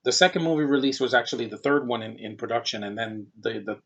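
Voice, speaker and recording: This thirtysomething film reviewer talks quickly through a digressive, rambling movie review. His medium-pitched voice is a bit bright with a breathy edge, captured in a dull lo-fi recording.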